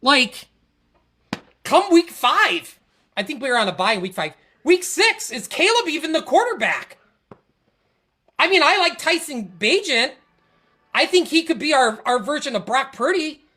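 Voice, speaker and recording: Fired-up high-voiced woman ranting. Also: very animated, unhurried, pauses often, bright, forceful tone. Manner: frustrated, rambling, restarts and stammers. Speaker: podcast host. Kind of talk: casual sports rant.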